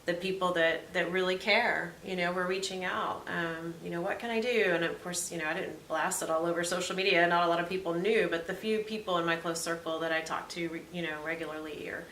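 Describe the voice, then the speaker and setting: A woman's voice: lowish voice, fairly even intonation, fairly quick, few pauses, fairly bright tone. A woman co-hosting a casual faith-based chat, reflective and upbeat while recovering from a rib injury. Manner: reflective, upbeat, often laughing. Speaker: podcast co-host. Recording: echoey room, faint hiss.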